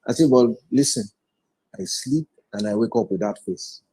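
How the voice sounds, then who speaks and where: A man's voice: on the low side, normal speed, warm tone, slightly rough, rough recording. A man in his forties, a guest speaker giving an earnest, reflective personal testimony in an interview and retelling past conversations.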